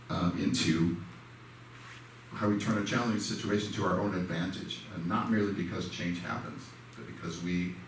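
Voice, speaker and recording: His voice sits low with a bit of brightness as a man gives a casual spoken lesson in a church sanctuary. He keeps it conversational and self-deprecating, acting out quoted dialogue, in an echoey hall captured by a distant mic with faint noise.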